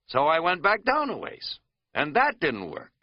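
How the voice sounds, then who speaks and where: A man's voice: on the high side, wildly swooping pitch, measured pace, no echo, dull audio, voice pushed up. A man voicing a rambling, folksy middle-aged American man who talks in a chatty, self-mocking drawl.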